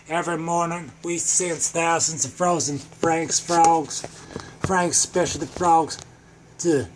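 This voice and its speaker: Manic, high-voiced man ranting. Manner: manic, rambling, bursts into shouting. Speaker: comedic vlogger. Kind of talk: improvised comedy rant.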